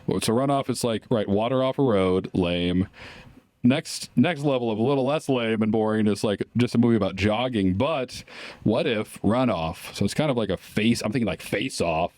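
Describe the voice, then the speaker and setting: A man's voice: lowish voice, normal speed, darkish tone, no room sound. Dry-sounding man riffing, laughing often. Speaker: podcast co-host. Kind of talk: casual comedic brainstorming chat.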